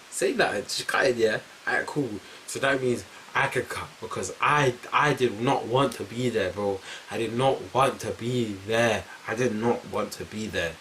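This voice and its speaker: A young man with a London accent tells a casual storytime, talking at an everyday pitch. He gets animated, repeats his phrases for effect, and leans hard on slang. A faint hiss sits under his voice. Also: rough recording. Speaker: vlogger.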